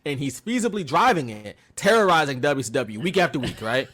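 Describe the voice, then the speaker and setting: A man co-hosting a podcast, recapping in casual chat with animated storytelling and mocking quotes. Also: mid-range voice, fairly quick. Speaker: podcast co-host.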